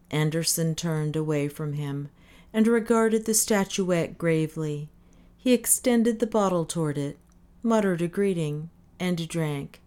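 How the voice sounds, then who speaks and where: A woman narrating a story as an audiobook, in a measured, even reading. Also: deep voice, clean tone.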